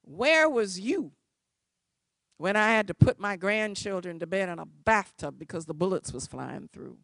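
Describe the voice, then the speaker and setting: A furious older woman lays into someone in a loud, slow, accusing tirade, as a woman acts her out. The voice has a gravelly edge and sounds close and dry. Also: medium pitch, animated, no room sound.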